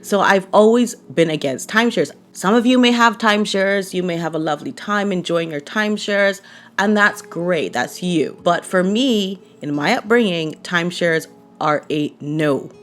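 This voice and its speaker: A woman with a Barbadian accent telling a personal story to camera in a chatty, animated way, often checking in with viewers. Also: fairly low pitch, normal speed, faint music behind. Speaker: vlogger.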